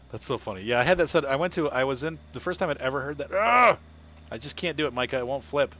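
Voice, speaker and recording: A man's voice: mid-range voice, a bit bright. A man from Ohio chatting casually on a live game stream, rambling and laughing often. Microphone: headset.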